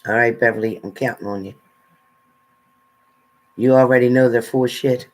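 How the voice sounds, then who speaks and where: A man's voice: mid-range voice, fairly even intonation. A man on a tarot live stream, casually reading out viewer names and answering comments with sass. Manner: slow, sassy, reads out viewer names.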